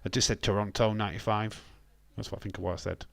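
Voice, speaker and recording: A man's voice: fairly low pitch, fairly even intonation, fast talker, creaky, no echo. An English man, a young adult, hosting a casual live stream, joking and bantering with viewers in the chat. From England. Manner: jokey, banters with chat, bursts of laughter and loud exclamations.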